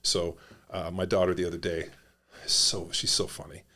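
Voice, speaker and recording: Middle-aged male guest with a very low voice, rambling, filler-heavy and profane. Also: steady tone, normal speed, bright, forceful tone. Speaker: podcast guest, former pro football player. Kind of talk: casual conversational storytelling.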